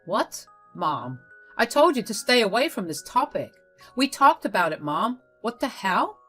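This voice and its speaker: A woman's voice: a little high, big pitch swings, a little slow, fairly bright tone, soft background music. A woman voicing an angry young husband scolding his mother. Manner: indignant, scolding.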